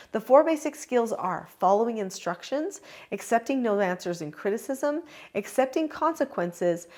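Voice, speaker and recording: A woman's voice: mid-range voice, a little mellow. Older lady parenting coach, firm and instructive, talking to camera. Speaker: parenting educator. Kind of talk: direct-to-camera advice talk.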